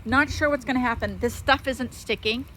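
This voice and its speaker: A woman vlogging casually at home with a handheld camera, chatty and quick to laugh. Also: fairly high pitch, a bit bright, a little hiss or hum. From Southern United States. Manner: chatty, laughs often, coos at pets. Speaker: vlogger, mom. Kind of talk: casual vlog chat. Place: home and snowy backyard.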